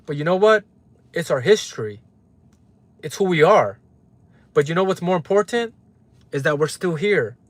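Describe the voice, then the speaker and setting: Fairly high-pitched and expressive, this man speaks at a moderate pace with frequent pauses and a dry, roomless sound. The Los Angeles livestream host gets heated and profane with his chat, reads out viewers' names, and keeps saying "right?" for emphasis.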